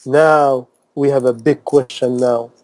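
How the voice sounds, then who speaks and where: A man's voice: mid-range voice, steady tone, slow, a little mellow, no echo, rough recording. A man preaching a sermon in impassioned, non-native English, repeating phrases and firing off rhetorical questions. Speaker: Islamic preacher.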